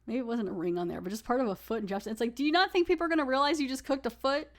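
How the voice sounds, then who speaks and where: A woman's voice: a little high, rapid-fire. A woman hosting a podcast, reviewing a TV episode in a chatty, amused way with lots of fillers. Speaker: podcast host. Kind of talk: casual chat, episode review.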